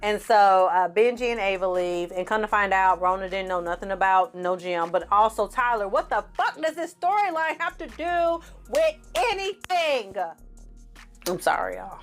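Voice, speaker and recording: Woman, film reviewer, casual recap, sarcastic, profane, mid-pitched voice. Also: lively intonation, normal speed, faint music behind. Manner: blunt, profane and sarcastic, with exasperated outbursts.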